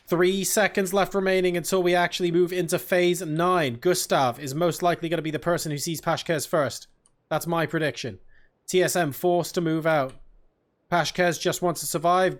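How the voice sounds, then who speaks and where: A man calling a live esports match with rapid, excitable play-by-play commentary that jumps into bursts of excitement on big plays. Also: on the high side. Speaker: esports caster. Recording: gunfire from the game behind the voice.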